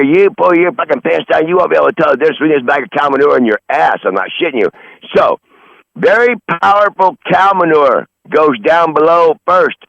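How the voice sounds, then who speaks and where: A man's voice: fairly high pitch, creaky, fairly bright tone, no echo. Profane, blustery man on a dull line. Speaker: regular call-in guest. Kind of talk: rambling casual chat. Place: outdoors in his garden.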